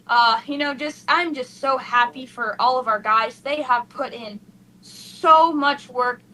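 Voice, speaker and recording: A woman's voice: sits high, a little slow, slight background noise, low-quality recording. A young woman racing driver, gushing and tearful in an emotional post-race interview. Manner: excited, gushing, breathless with emotion.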